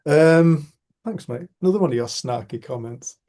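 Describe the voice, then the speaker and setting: A man's voice: a little high, moderate pace, warm tone. A middle-aged man with a Northern English, Cumbrian accent, leading a casual group discussion over a video call, chatty and teasing, with the odd swear word. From Cumbria, Northern England. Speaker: group facilitator.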